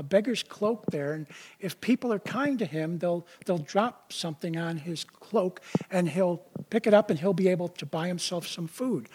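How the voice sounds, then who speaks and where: A man's voice: high-pitched, darkish tone, breathy edge. A man preaching a sermon in a conversational way, often stopping to explain the verses he reads. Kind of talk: casual sermon.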